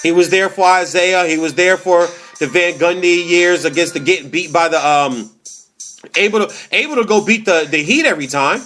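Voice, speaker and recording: Male podcast host, very high voice, animated slangy sports rant. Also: moderate pace, faint music behind. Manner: animated, slangy, repeats phrases for emphasis.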